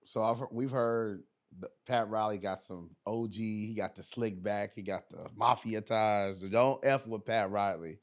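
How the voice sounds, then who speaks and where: A man's voice: on the low side, measured pace. A man hosting a podcast, asking loose, slangy questions that stumble and restart in a casual interview. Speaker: podcast host.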